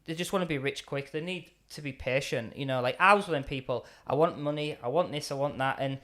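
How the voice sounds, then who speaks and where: A man's voice: fairly high pitch, fast, sharp tone. Chatty man, emotional. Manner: emotional, repeats "you know" and "like". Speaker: interview guest, subscriber. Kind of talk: casual chat.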